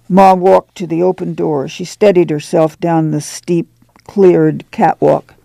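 A man narrating a literary novel as an audiobook, in a steady, unhurried storytelling manner. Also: fairly high pitch, creaky, no room sound.

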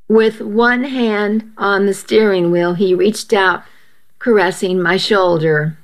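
A woman narrating a first-person story aloud in a steady, measured way. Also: mid-range voice.

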